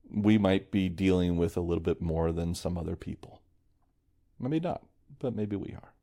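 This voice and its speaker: Male podcast host, low gravelly voice, warm mellow tone, rambling reflective monologue. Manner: reflective, meandering, restarts often; quietly worried. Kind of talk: casual solo podcast monologue.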